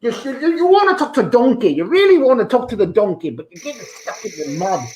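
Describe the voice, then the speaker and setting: A man's voice: extremely high pitch, sing-song, fast talker. A man playing a rambling, self-important actor who claims to be Shrek, his fake accent slipping between Scottish and Australian, heard over an echoey video call. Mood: boastful.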